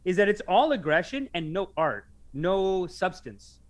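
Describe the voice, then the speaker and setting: A young man co-hosting a casual podcast, talking in an animated, profane way and acting out shouted tirades. His voice sits a little high and swings widely in pitch. The talk is loose banter. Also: unhurried. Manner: animated, swearing, mimics yelling. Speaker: podcast co-host.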